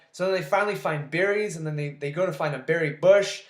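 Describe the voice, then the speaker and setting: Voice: mid-range voice, fairly quick, roomy sound. A movie reviewer recapping a film in a casual, sarcastic, exasperated rant with plenty of swearing.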